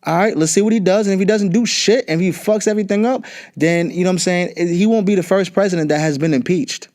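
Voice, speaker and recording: A man's voice: sits high, quick pace, darkish tone. A young man hosting a podcast, ranting bluntly and profanely in casual talk. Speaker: podcast host. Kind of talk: casual political rant.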